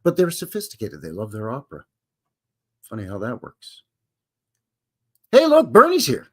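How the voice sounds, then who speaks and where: Male streamer, casual and jokey, animated lilt, uses folksy cowboy greetings. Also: medium pitch, normal speed, slightly rough. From Canada. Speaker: livestream host. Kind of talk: casual live-stream chat.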